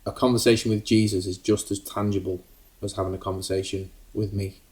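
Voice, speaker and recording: Man, low-pitched, hesitant casual podcast chat, frequent restarts. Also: flat delivery, brisk, a little mellow. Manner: hesitant, many ums and restarts. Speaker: podcast co-host.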